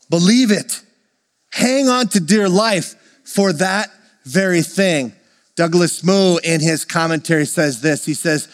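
A man preaching a sermon as the pastor, in an enthusiastic, conversational way, reading scripture slowly and with emphasis. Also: sits high. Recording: reverberant church hall.

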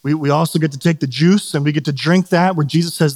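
A man preaching a sermon as pastor, earnest and animated, sometimes acting out quoted voices. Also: on the high side, fast talker, few pauses, big-room sound.

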